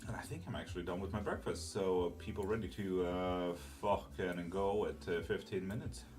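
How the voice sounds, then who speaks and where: A deep-voiced man hosts a live tarot stream, talking loosely and rambling through his thoughts with plenty of fillers and casual swearing. Faint music plays quietly under his voice. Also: fairly even intonation, moderate pace. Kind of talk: casual live-stream chat reading comments.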